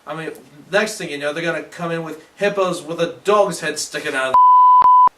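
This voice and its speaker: A man voicing a rowdy older male country redneck who talks in a folksy, animated way in a comedy sketch review. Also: on the high side, normal speed, very noisy. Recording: roomy, distant home-video recording.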